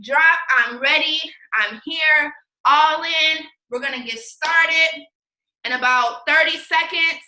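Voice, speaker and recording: A woman's voice: high voice, slow pace, sharp tone, echoey room, distant mic, poor audio. A woman leading a live workout as a fitness instructor, counting reps aloud and cheering viewers on while out of breath. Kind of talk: live-streamed workout coaching.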